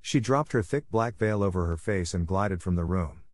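A man reading a classic story aloud as a steady, measured audiobook narrator. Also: low-pitched, no room sound. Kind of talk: scripted narration.

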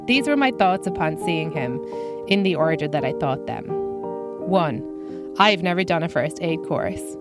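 A woman's voice: sits low, expressive, measured pace, over loud music. A woman telling a scripted personal story with dry, self-mocking humor.

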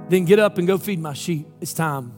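A gentle man restoring a friend, as a preacher puts him on, giving firm, kind commands. The voice is high for a man, and soft music plays behind it. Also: normal speed, big-room sound, close to an everyday voice.

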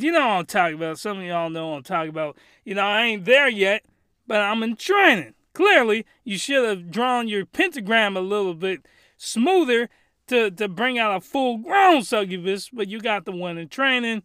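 A man's voice: high-pitched, animated, moderate pace, pushed and bright, clean tone, no echo, studio quality. A young man reviewing an anime in a rambling, hyped comedy vlog, full of crude jokes and restarts.

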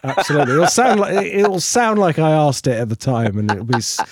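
A man's voice: fairly high pitch, animated, a little fast, background noise. A man hosting a podcast, chatting casually with many restarts and self-deprecating asides. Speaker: podcast host. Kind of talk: casual chat.

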